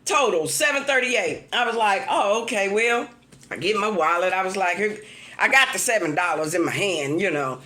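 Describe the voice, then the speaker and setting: A woman's voice: medium pitch, moderate pace, echoey room. A woman telling a story to her viewers, exasperated and laughing as she vents. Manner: animated, exasperated, laughing while venting. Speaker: vlogger. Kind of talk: casual storytelling rant.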